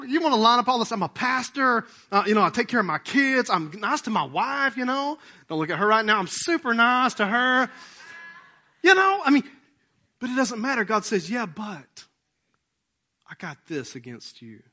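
Animated preaching man, bright voice. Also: sits high. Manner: animated preaching, swings from loud to hushed; acts out quoted prayers and asides. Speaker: pastor. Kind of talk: sermon.

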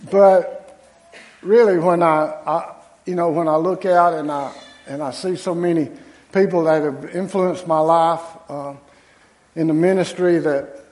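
A man's voice: on the high side, darkish tone. A man, an associate pastor giving a conversational, folksy sermon to his congregation in a church. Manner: conversational, folksy, with many restarts and asides to the congregation. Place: church sanctuary.

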